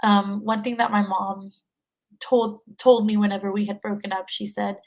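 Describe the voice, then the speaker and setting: A woman's voice: medium pitch, flat delivery, moderate pace, low-quality recording. A young woman in her twenties, a podcast guest, talking casually with many fillers and frequent laughs. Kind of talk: casual conversation.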